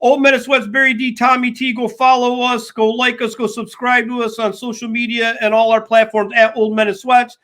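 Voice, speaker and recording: An older man co-hosting a casual sports talk show, telling an animated story and acting out the dialogue. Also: very high voice, moderate pace, hardly any pauses. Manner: animated, acts out quoted dialogue. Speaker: co-host.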